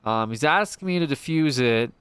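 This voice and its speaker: A man voicing an unflappable male police sergeant giving a slow, matter-of-fact radio report. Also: mid-range voice, animated, a bit bright, smooth, no echo, close to an everyday voice. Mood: deadpan.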